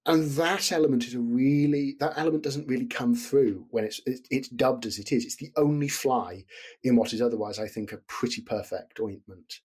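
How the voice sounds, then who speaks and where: A man, a film scholar talking as a podcast guest, thinking out loud with many restarts and asides. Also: medium pitch, moderate pace, breathy edge. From Britain. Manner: discursive, restarts and qualifies often. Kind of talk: casual chat.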